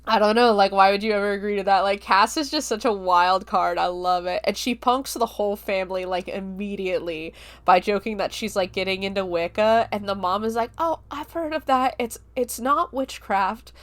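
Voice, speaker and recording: A woman's voice: mid-range voice, moderate pace. Chatty woman recapping a film. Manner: chatty, filler-heavy retelling with frequent likes and laughs. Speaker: podcast host reviewing a film.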